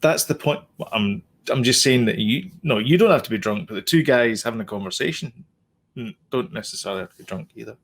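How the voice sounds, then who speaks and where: A man's voice: mid-range voice, lively intonation, fairly quick, creaky, husky. Chatty man hosting a podcast. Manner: chatty, rambling, self-correcting explanations. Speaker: podcast co-host. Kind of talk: casual chat.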